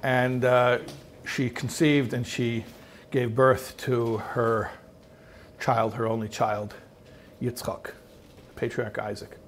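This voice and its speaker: A man's voice: mid-range voice, little pitch movement, takes it slowly, pauses often, a little hiss or hum. Emphatic man giving a religious talk. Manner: emphatic, swells and drops in loudness, asks rhetorical questions. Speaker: rabbi teaching a class. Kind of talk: conversational religious teaching.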